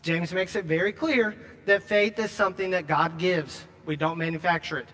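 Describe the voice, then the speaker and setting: A man preaching a sermon, emphatic, repeating key lines and slowing down to stress them. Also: high-pitched, steady tone, sharp tone, big-room sound. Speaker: pastor.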